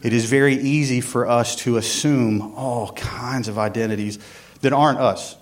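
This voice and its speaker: A man's voice: mid-range voice, fairly even intonation, moderate pace. A man, a church worship director giving a casual, rambling sermon with prayer and a joke, full of ums and uhs. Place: church sanctuary.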